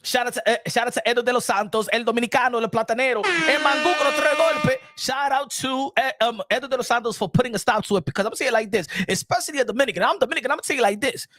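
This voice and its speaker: A man hosting a boxing livestream, excitable and repetitive, dropping in Spanish phrases. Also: extremely high pitch, very fast, few pauses, slight background noise. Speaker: boxing show host.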